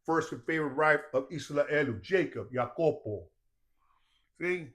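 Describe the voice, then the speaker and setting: This man has a fairly high, bright voice with lively intonation, and he takes his time. Appearing as a podcast guest, he tells stories casually, swearing and sermonizing. He keeps pausing to ask "you understand that?"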